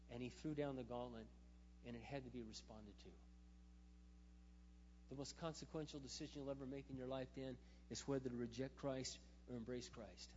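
Animated preacher in an echoing hall. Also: male voice, medium pitch. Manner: animated, swings between loud emphatic bursts and quiet asides. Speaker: pastor. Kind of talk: sermon storytelling. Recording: dull sound in a reverberant hall, faint hum.

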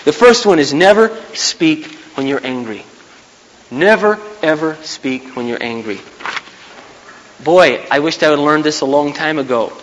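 A man's voice: a little high, animated, unhurried, fairly bright tone, highs cut off, a little hiss or hum. Earnest man preaching in echoing hall. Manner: earnest, emphatic, repeats key points. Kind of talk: sermon. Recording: long hall reverb.

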